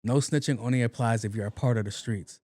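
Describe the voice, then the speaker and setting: A young man hosts a casual solo podcast. His talk is loose and full of profanity, rambling through fillers at a mid pitch. The sound is close and dry, with no room in it. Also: fast, a little mellow, dry recording. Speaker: podcast host.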